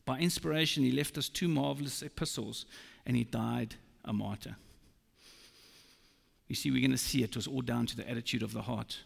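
A man preaches a sermon in a slow, emphatic way, with a gravelly edge to his voice. His words ring out with the long reverb of a large hall. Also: mid-range voice, fairly even intonation.

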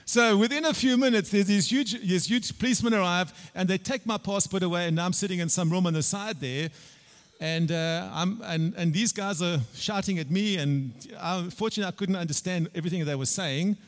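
A man preaching a sermon with a slightly high voice, telling a story in a lively way. He repeats his phrases and pushes into loud emphasis. His voice rings with a long reverb through a large church hall. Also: brisk.

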